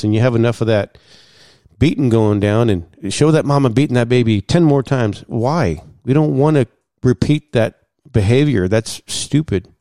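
A man guest in casual storytelling, animated, acting out what others said and using many fillers. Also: medium pitch, dry recording, studio quality. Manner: animated, acts out quoted dialogue, many fillers.

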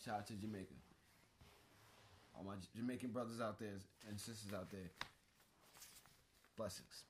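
A man's voice: on the low side, fairly even intonation, normal speed, slight background noise. A man co-hosting a casual chat about ballot measures, talking bluntly and emphatically with plenty of swearing.

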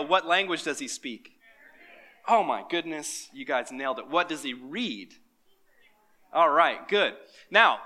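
A man's voice: fairly high pitch, sharp tone. A pastor giving a sermon to his congregation, reading scripture and quizzing his listeners in an engaging way.

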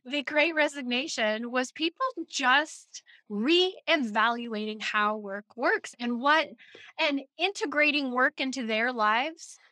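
A woman co-hosting a podcast, talking in a lively, chatty way with frequent laughter and quick asides. Her voice is bright and a little high, and the sound is close and dry. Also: dry recording. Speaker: podcast co-host. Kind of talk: casual chat.

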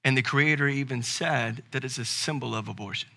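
Man, pastor, Southern American accent, sermon, very bright tone, swings from loud emphatic preaching to quiet. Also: medium pitch, a little fast, vocal fry.

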